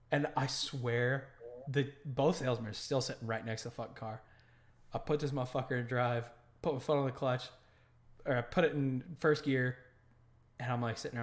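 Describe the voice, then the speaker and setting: Profane, animated podcast storyteller man. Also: mid-range voice, brisk. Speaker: podcast host. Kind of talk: casual storytelling chat.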